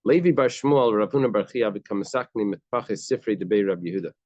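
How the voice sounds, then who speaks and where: A man's voice: on the low side, fairly quick, a little mellow, no echo. A man teaching a daily Talmud class, reading short bits of Aramaic and then explaining them in casual, conversational English.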